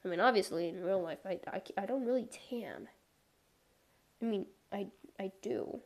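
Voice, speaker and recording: This game streamer's mid-range voice sounds gravelly, moving at a moderate pace. Her casual gameplay chat wanders, is packed with fillers, and turns playful with theatrical outbursts.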